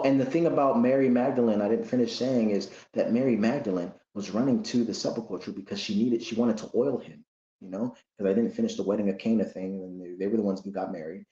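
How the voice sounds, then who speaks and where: A lower-voiced man with a dark, mellow tone rants in a casual commentary, animated and full of slang, often repeating himself. He sounds recorded in an echoey room, with dull, lo-fi sound. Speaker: religious commentator. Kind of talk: casual monologue.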